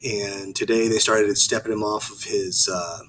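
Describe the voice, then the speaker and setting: A man co-hosting a podcast, rambling in casual chat with many halting restarts. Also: fairly low pitch, fairly even intonation, a bit bright, a little hiss or hum, low-quality recording. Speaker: podcast co-host.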